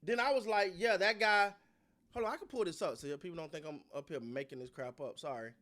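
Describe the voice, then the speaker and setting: A man whose voice sits on the high side hosts a sports channel, speaking fast and casually to his viewers. He gives his opinions in a loose way, animated, slangy and repetitive, talking right at the audience.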